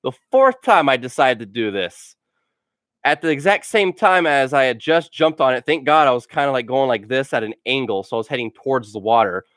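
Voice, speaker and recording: A man's voice: medium pitch, lively intonation, fairly quick, a bit bright, no echo, clean studio sound. Rambling man telling funny stories. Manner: rambling, full of "like" fillers; laughs at his own stories. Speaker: gaming channel host. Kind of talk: casual storytelling vlog.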